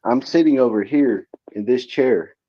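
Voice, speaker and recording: A man guesting on a live stream rambles through a story, stacking up fillers. His voice is medium in pitch and comes through dull, lo-fi audio. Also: normal speed. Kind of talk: casual storytelling.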